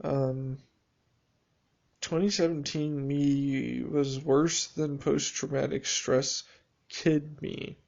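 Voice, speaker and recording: A man speaking a reflective, halting personal video journal monologue, with restarts and dry sarcasm. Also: a little high, level tone, creaky, a little mellow, muffled recording.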